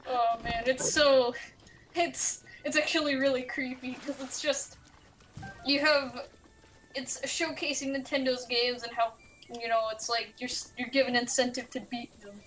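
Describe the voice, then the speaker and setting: A woman chatting casually on a gaming stream, telling stories in a lively way. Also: high voice, a little slow, distant mic, a little hiss or hum, rough recording. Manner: chatty, animated storytelling.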